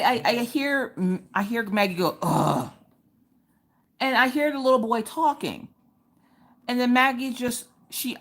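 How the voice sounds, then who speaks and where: A woman in her thirties hosting a live crafting stream, telling stories in a lively, chatty, colloquial way. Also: medium pitch. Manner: animated, chatty storyteller, colloquial. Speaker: craft livestream host. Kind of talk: casual chat and storytelling. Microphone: streaming from home.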